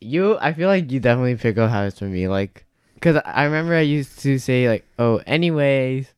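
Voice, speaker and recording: A young man co-hosting a podcast in casual chat, who says he talks loudly. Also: mid-range voice, animated, fast, smooth, dry recording, clean studio sound. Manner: loud, admits he yells a lot. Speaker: podcast co-host.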